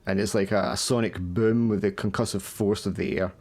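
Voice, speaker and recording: A man with a somewhat low voice runs a tabletop game over a call. He narrates each scene vividly and teases his players between rolls. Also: steady tone, brisk, darkish tone. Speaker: game master.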